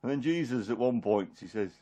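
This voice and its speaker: The speaker is a man voicing the apostle Peter, a homely, warm-hearted middle-aged fisherman, in a rambling, chuckling one-man Bible monologue. He uses a natural mid-range voice with a dark tone, lively intonation, and a slightly fast pace.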